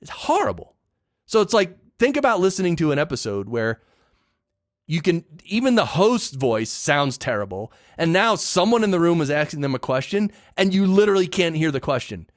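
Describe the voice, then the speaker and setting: A man's voice: a little high, big pitch swings, moderate pace, dry recording, clean studio sound. A man hosting a solo podcast, giving a casual, opinionated rant full of emphatic repeats and blunt judgments. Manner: opinionated, emphatic ranting with repetitions. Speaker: podcast host.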